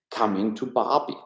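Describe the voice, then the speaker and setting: A man's voice: lowish voice, a bit bright, roomy sound, low-quality recording. A man from Germany with a German accent, giving blunt, rambling, opinionated film and politics commentary on a casual live stream from home. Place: room at home.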